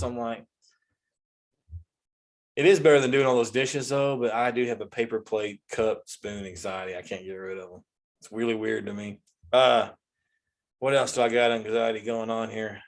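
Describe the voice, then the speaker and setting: Forties male comedy host, mid-pitched, animated exasperated rant full of restarts. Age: 40s.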